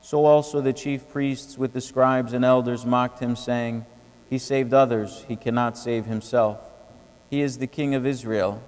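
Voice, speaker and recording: A man reads scripture in a measured, level voice that barely rises or falls. His words ring out into a large cathedral, and a long reverb hangs behind each line. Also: clean tone. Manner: steady, even reading with little pitch movement. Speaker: reader. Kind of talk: liturgical scripture reading.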